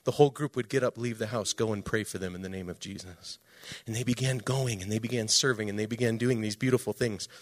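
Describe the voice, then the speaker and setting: A man preaching a sermon, telling a story with emphatic swings between loud and hushed delivery. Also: mid-range voice. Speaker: pastor.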